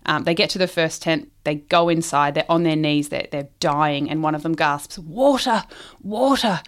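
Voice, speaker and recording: A woman's voice: low voice, level tone, moderate pace, clean tone. A woman casually telling a long shaggy dog joke, giggling often and rambling with ums and restarts. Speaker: joke teller.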